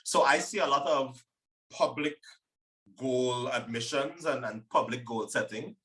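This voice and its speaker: A man in his forties with a Trinidadian accent touched by American speech, telling stories in a confident, animated way as an interview guest. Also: mid-range voice, unhurried, far from the mic, low-quality recording. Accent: Trinidadian with American influence. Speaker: guest, former Olympic sprinter. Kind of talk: casual interview talk.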